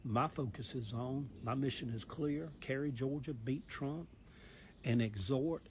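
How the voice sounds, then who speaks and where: A man's voice: mid-range voice, unhurried, a little mellow, slight background noise, rough recording. A man with a Southern US accent, a political campaigner talking earnestly in a rambling, folksy monologue. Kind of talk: casual monologue.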